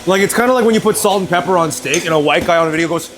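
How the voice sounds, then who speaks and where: A man's voice: high-pitched, racing, background noise. A man from northern China hosting a cooking video in a joking, chatty way, now and then slipping into Mandarin. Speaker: cooking channel host. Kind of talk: casual cooking commentary.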